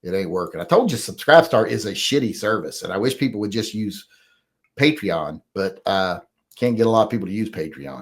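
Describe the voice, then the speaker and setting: A man's voice: on the low side, big pitch swings, fairly quick. A middle-aged man with a drawl, hosting a casual livestream and reading chat, blunt and opinionated.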